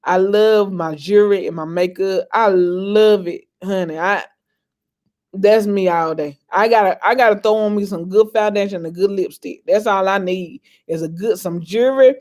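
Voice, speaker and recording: A woman's voice: medium pitch, mellow. A woman in her thirties, an inspirational vlogger, chatting casually and emotionally with her viewers. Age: 30s. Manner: chatty, calls viewers "y'all" and "honey"; emotional, reminiscing.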